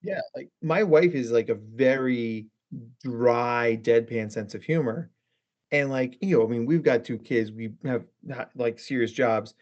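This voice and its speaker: A man's voice: medium pitch, unhurried, a little mellow, muffled recording. A man who is a therapist and podcast guest, chatting casually and rambling with many asides. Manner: rambling, lots of fillers and asides.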